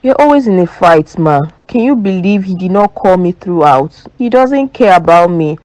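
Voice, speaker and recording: A woman's voice: fairly low pitch, animated, moderate pace, a little mellow, dry recording, lightly acted, poor audio. A woman voicing an upset young girlfriend in a cartoon, sounding plaintive and hurt.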